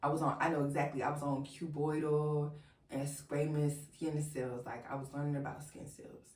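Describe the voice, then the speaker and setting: Young woman with a low voice, chatty story time, says like a lot, kinda roomy and a bit far from the mic. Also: level tone, normal speed, darkish tone. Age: young adult. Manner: chatty storytelling, heavy "like", addresses viewers as y'all. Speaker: vlogger.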